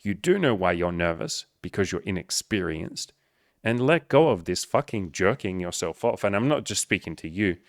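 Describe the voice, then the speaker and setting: A man's voice: sits low, lively intonation, normal speed, no echo, studio quality. A man who coaches on dating, talking bluntly and emphatically with lots of swearing as he answers a viewer.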